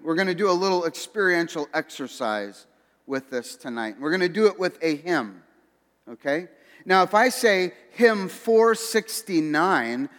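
Male pastor, slightly high voice, chatty sermon delivery, long church reverb. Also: fairly bright tone. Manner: conversational preaching with asides to the congregation. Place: church sanctuary.

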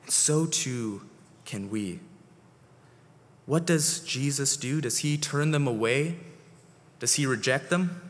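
A man preaching a sermon as pastor, slow and deliberate, his phrases sinking soft at the ends. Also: mid-range voice. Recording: long hall reverb.

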